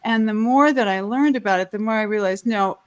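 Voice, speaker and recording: A woman's voice: medium pitch, brisk, clear, resonant tone. Rambling, heartfelt woman on a video call. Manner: rambling and heartfelt, with frequent restarts. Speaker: panelist. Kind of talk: candid personal sharing.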